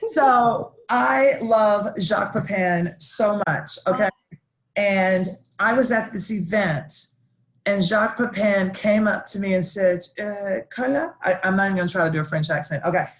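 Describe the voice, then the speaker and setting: A woman chef, chatting casually and enthusiastically on a live stream, with lots of restarts and excited asides. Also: mid-range voice, unhurried. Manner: animated, gushing, chatty with many restarts. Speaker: celebrity chef guest.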